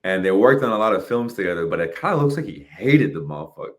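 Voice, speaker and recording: A man in his late thirties co-hosting a podcast, talking casually in animated bursts and swearing freely. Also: low-pitched, fast. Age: 30s. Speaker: podcast co-host. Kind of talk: casual chat.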